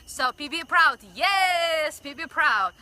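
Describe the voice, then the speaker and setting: A woman hosting a Facebook Live stream, chatting excitedly with viewers and leading a prayer of thanks. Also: high voice, takes it slowly, slight background noise, rough recording. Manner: excited, gushing, greets viewers by name. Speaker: community livestream host. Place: outdoors by a building, livestreaming. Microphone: phone livestream.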